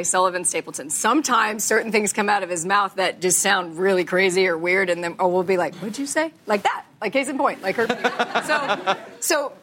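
A woman in her thirties speaking as a guest on a stage panel, candid and quick to laugh, swearing casually. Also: medium pitch, a bit bright. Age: 30s. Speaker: actress guest at a fan panel.

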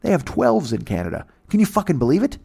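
A man from the United States, a podcast host, telling a comic story in a profane, animated way. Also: on the high side, fast talker, vocal fry, slightly rough. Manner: profane, animated, acts out every voice.

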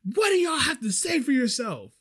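A man's voice: very animated, moderate pace, a bit bright, breathy edge, exaggerated voice. A man voicing an irate middle-aged woman customer who complains shrilly about her meal. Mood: indignant. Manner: shrill, outraged, whiny complaining.

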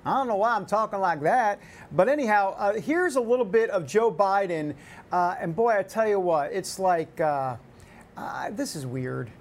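A man's voice: high-pitched, expressive, normal speed. A man hosting a talk show, giving casual political commentary in a rambling way. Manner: rambling, with many restarts and fillers.

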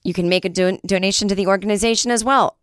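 A woman's voice: mid-range voice, fast talker, clean tone, dry recording, studio quality. A woman hosting a podcast in a casual monologue, joking and swearing, a little short of breath. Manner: profane, joking, animated. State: trouble breathing. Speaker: podcast host.

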